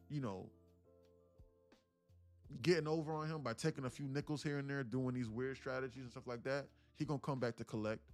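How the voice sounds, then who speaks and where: Hosting a day-trading livestream, a man speaks casually with plenty of slang and animated energy, voicing little acted-out scenes. When he studies the chart, he drops to a low mutter.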